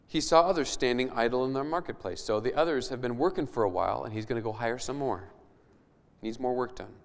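A male pastor preaching a sermon, reading scripture aloud and then explaining it conversationally with emphatic rising questions. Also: medium pitch. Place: church hall. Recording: long hall reverb.

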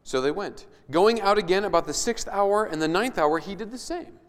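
A male pastor preaches a sermon in a church hall, reading scripture aloud and then unpacking it conversationally with emphatic rising questions. His voice sits high with lively intonation at normal speed, and long hall reverb fills the recording.

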